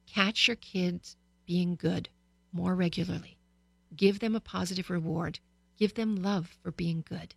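Woman radio host, bright dry studio voice, chatty advice to listeners. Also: mid-range voice, gravelly, no echo. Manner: lively, storytelling, direct to listeners. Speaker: radio talk show host. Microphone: studio microphone.

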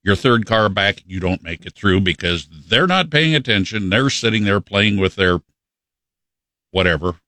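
A man's voice: lowish voice, expressive, moderate pace, bright, forceful tone, no room sound. A man co-hosting a casual radio talk show, plainspoken and grumbling about everyday annoyances. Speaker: radio co-host.

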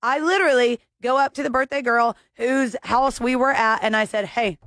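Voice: medium pitch, moderate pace, a bit bright, dry recording. A co-host of a morning radio show, chatting casually and teasing her partner. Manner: chatty, laughs often, teasing. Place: radio studio. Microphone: studio microphone.

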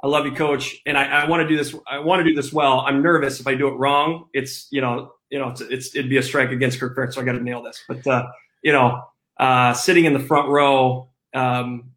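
A man's voice: mid-range voice, a bit bright. A man being interviewed as a former player, chatting casually and easygoing, laughing often and using many fillers. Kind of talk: casual chat.

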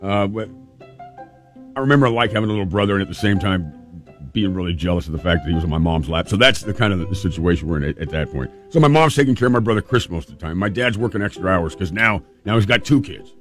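A middle-aged man from California, host of a storytelling show, telling a childhood story in a relaxed, chatty way with restarts. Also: deep voice, fast talker, faint music behind. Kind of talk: casual personal storytelling.

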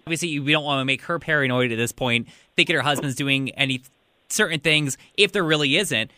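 A man's voice: fairly high pitch, brisk, pushed and bright, smooth, no echo, studio quality. A man hosting a call-in radio show, talking conversationally and prompting callers for their views. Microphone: studio microphone.

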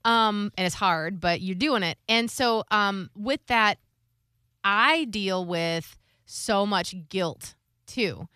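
A woman talks candidly on a podcast, with a bright, crisp tone. She tells confessional stories and acts out the people in them. The recording is close and dry, with no room sound. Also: medium pitch, slow pace, dry recording. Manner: open, confessional storytelling with lively quoted voices. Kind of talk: candid casual chat.

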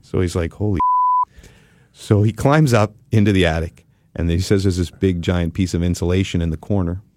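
A man hosting a podcast who tells a story in a casual, animated way and laughs often. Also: sits low, normal speed, very noisy. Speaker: podcast host.

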